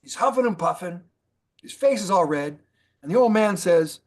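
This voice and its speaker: A man's voice: sits high, animated, moderate pace. A man presenting a motivational training talk, telling stories and asking rhetorical questions. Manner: storytelling, rhetorical questions, repeats lists. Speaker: mentor presenter.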